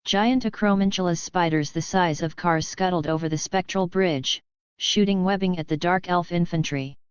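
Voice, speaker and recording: A woman narrating a fantasy audiobook with steady, scripted delivery. Her voice sits low and is smooth, recorded close and dry with a slightly muffled sound. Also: normal speed, no room sound. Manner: steady storytelling.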